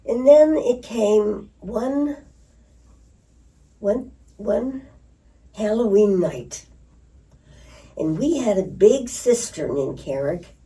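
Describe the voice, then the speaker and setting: A woman's voice: mid-range voice, extremely slow, long pauses. An older woman telling stories in an interview, laughing and acting out voices. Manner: lively storyteller who laughs and acts out voices. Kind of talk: reminiscing storytelling. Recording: distant mic.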